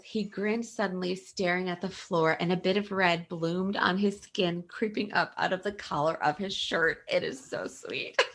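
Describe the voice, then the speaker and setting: A woman's voice: medium pitch, a bit bright. A young woman hosting a casual book chat, gushing and laughing often as she reads favorite passages aloud. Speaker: book podcast host.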